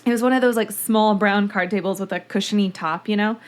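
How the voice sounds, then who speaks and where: A woman's voice: mid-range voice, fairly quick. Chatty woman hosting a true-crime podcast. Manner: chatty, gushing, reads listener mail aloud. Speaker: podcast host. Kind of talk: casual true-crime podcast chat and narration.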